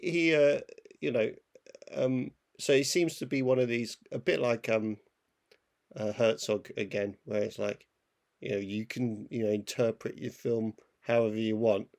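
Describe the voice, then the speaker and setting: A man with a gravelly, fry-edged voice at middle pitch, co-hosting a film podcast. He speaks haltingly, with plenty of ums and restarts. It is relaxed, casual talk. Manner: hesitant, many "um" and "uh" restarts. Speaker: podcast co-host. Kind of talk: casual chat.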